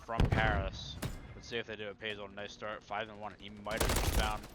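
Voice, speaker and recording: A man's voice: fairly low pitch, monotone, fairly quick, a bit bright. A man giving color commentary on a video game match, breaking plays down and sometimes stumbling over his words. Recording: noisy game audio behind.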